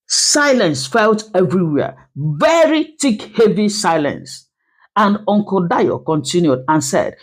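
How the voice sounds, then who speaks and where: Expressive woman telling a story. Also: medium pitch, slow pace. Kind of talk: story narration.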